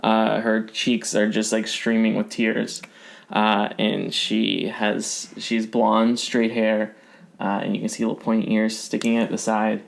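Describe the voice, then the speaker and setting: A man running a tabletop game as game master, narrating with hesitant pauses. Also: on the low side, completely flat delivery, vocal fry. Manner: hesitant, many ums and restarts.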